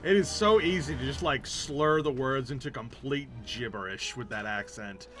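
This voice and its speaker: A man's voice: medium pitch, normal speed, a bit bright, faint music behind. A man streaming a game, talking casually with chatty, jokey asides. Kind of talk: casual gaming commentary.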